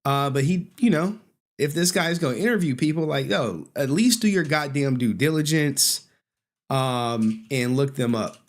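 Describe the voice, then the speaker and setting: A man's voice: medium pitch, animated, moderate pace. Blunt, swearing man with a swooping voice. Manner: blunt, profane, mocking. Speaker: streamer reacting to an interview clip. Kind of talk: casual reaction commentary.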